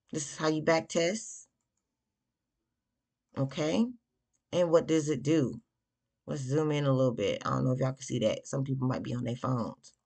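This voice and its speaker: A young woman casually walking viewers through a trading chart, chatty and slangy, with sudden bursts of excitement. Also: low-pitched, gravelly. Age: young adult. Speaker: forex trader teaching backtesting. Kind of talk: casual screen-share trading lesson.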